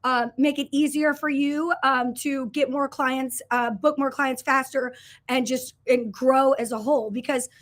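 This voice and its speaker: A woman in her thirties pitches her coaching program on a casual livestream. Her voice sits high, and she talks in an earnest, chatty way, full of fillers and restarts. She breaks off to greet viewers and answer their comments. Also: steady tone, measured pace. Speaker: business coach hosting a livestream.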